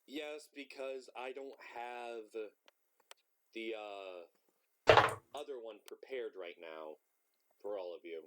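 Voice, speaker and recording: A man's voice: lowish voice, slow pace, long pauses, noisy background. A man acting as game master in an online tabletop game, talking casually and swearing freely.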